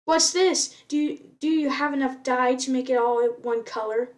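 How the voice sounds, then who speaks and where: An arrogant teenage apprentice warrior, read aloud by a woman, sneering and sarcastic at everyone around him. His lines come out higher and louder than the narration. Every jab drips with mockery. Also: normal speed, natural voice. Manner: sarcastic, mocking.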